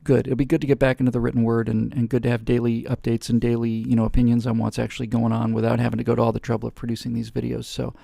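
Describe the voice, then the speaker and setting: Gravelly man hosting a casual webcast. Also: medium pitch, monotone, very fast, few pauses, warm tone, no room sound. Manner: rambling, many fillers and restarts. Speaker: host. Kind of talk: casual live webcast talk.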